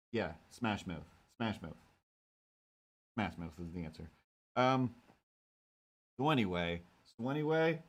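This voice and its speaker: A man hosting a live stream while he draws, rambling and joking to himself and his viewers in a casual chat. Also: on the low side. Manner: rambling, jokey, talks to himself. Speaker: streamer drawing cat comics.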